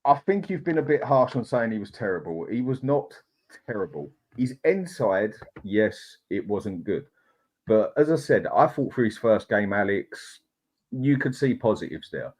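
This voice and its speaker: Measured man, lower voice. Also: big pitch swings, a little mellow. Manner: measured, reasoning, chatty. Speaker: host. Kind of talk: casual debate chat.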